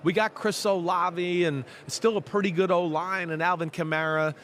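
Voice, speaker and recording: A man from New Jersey co-hosting a casual sports talk show, talking in a halting way with many fillers and restarts. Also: sits high, steady tone, fairly bright tone, slight background noise.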